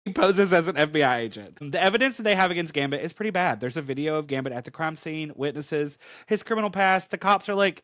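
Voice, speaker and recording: A man's voice: a little high, animated, fast, fairly bright tone, no echo, clean studio sound. A man co-hosting a podcast, giving a chatty, emphatic comic book recap full of "like". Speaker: podcast co-host.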